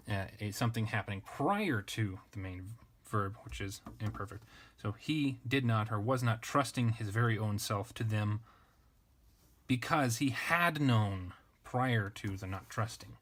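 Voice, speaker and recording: A man teaching an unscripted grammar lesson, thinking aloud and correcting himself in a relaxed way. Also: on the low side. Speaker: language teacher. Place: indoors at a desk with a camera.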